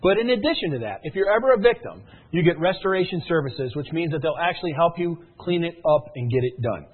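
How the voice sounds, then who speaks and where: An energetic man giving a sales pitch with stories, who keeps checking in with his listeners. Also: fast talker. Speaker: sales presenter. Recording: narrow phone-like sound.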